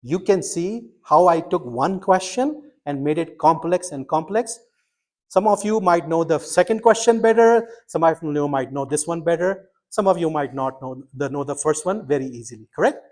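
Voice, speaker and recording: Animated man lecturing a medical class. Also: fairly high pitch, moderate pace. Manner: quizzing students, animated and emphatic. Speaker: medical school instructor.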